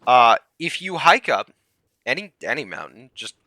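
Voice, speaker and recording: A man ranting to the camera, heated and sarcastic, swinging between yelling and muttering. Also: mid-range voice, sing-song, normal speed, no room sound, clean studio sound. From United States. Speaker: comedian vlogger. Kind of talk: comedic rant to camera.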